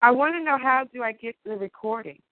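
A woman caller performing emphatic, playful spoken word on a call-in show, with deliberate delivery and wordplay. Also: a little high, lively intonation, no echo. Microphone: phone. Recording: tinny phone line.

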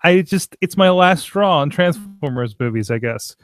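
A man hosting a casual podcast chat, excitable and prone to stammering restarts. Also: a little high, normal speed. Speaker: podcast host.

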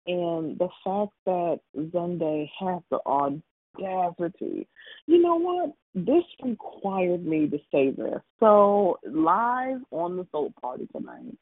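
Animated woman on a tinny phone line. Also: lowish voice, takes it slowly, no room sound. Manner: animated, acts out quotes. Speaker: caller. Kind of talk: casual chat.

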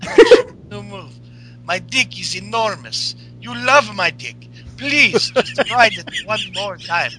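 A man's voice: high-pitched, lively intonation, measured pace, noisy background, voice pushed up. Man playing a hot-tempered brute. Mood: pleading. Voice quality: broken English, shouting. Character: hulking angry Bulgarian male wrestler on crutches, hot-tempered.

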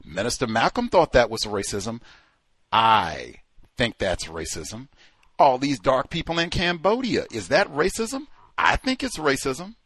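Husky guy on a call-in show, swings his pitch all over, dry close sound. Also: unhurried, no room sound. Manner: animated, mimics quoted voices, laughs. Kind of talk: casual radio talk.

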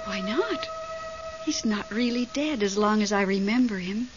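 An actress playing a nervous, devoted middle-aged widow in a 1970s radio drama, fretful and excitable. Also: female voice, medium pitch, unhurried, music in the background, close to an everyday voice. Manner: fretful, excitable, talks on the phone. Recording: dull vintage radio broadcast, faint hiss.

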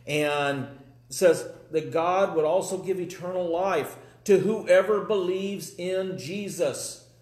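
A man's voice: a little high, a little mellow, reverberant. A man preaching a live sermon in a folksy, conversational way, with dry humor.

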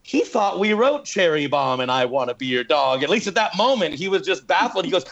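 A man's voice: high voice, brisk, vocal fry, dull audio. A man telling stories as a guest musician in a casual interview, acting out the quotes of others. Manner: animated storyteller acting out quotes. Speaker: guest musician in a punk band.

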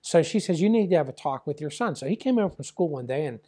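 A man's voice: on the high side, animated, fast, warm tone, husky. An older man from the Pittsburgh area, a former wrestling promoter, telling a rambling story full of fillers and acted-out dialogue. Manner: chatty, many fillers, acts out quoted dialogue.

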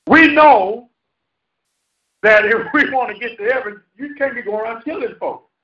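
A man's voice: very high voice, moderate pace, pushed and bright. A man preaching a sermon as pastor, folksy and joking, asking his congregation questions. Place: church hall. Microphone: handheld microphone. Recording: roomy, distant, dull sound.

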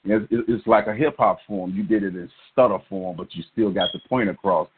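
A man's voice: on the low side, brisk, slightly rough. A middle-aged man co-hosting a call-in poetry show, talking in a laid-back, encouraging, slangy way. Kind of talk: casual call-in radio chat. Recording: phone-line call-in audio.

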